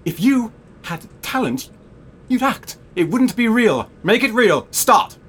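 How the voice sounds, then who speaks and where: Pretentious clipped theatre director. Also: male voice, high voice, very animated, slow, fairly bright tone, breathy edge, full character voice. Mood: terse directing. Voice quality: clipped pronouncements ending in a questioning "yeah?". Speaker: self-styled theatre director. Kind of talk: sitcom acting.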